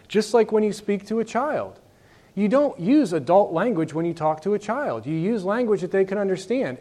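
A man's voice: fairly high pitch, darkish tone. A man teaching a Bible lesson to a class in a conversational way, asking his students questions.

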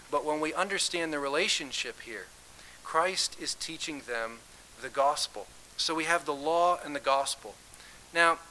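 A man's voice: mid-range voice, pushed and bright, a little hiss or hum, low-quality recording. A man leading an interactive Bible study who talks conversationally, puts questions to the group and reads scripture aloud with emphasis.

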